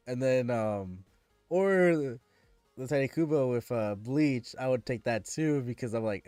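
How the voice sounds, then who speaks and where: A man's voice: mid-range voice, expressive, normal speed, mellow, no room sound, faint music behind. Man ranting casually to his stream. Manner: ranting, exasperated, restarts often. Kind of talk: casual chat with stream viewers.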